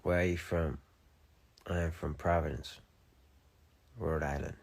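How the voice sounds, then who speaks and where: Young guy on a phone livestream, deep gravelly voice, slow easy joking chat, can't roll his r's. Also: fairly even intonation, a little mellow. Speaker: musician on a live stream. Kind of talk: casual live-stream chat, reading comments.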